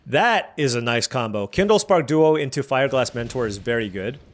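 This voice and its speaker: Lively man thinking aloud over a card game. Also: medium pitch, normal speed. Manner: lively, chatty, musing over each play. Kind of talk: thinking aloud while playing.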